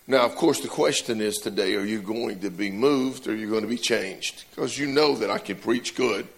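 A man's voice: on the low side, moderate pace, slightly rough. A man preaching a sermon in church, telling jokes and stories with self-deprecating humor. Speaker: pastor.

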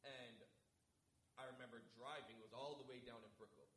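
A man speaking as a guest, telling a faith testimony in an animated way and acting out both sides of the conversations. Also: medium pitch, fairly quick, slight background noise. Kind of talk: testimony storytelling. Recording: echoey room with a crowd.

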